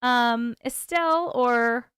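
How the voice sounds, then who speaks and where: Chatty high-voiced woman hosting a livestream. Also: takes it slowly, a bit bright, clear, resonant tone, no echo, clean studio sound. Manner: chatty, laughs often, stumbles over words. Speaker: livestream host reading viewer stories. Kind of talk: casual livestream chat.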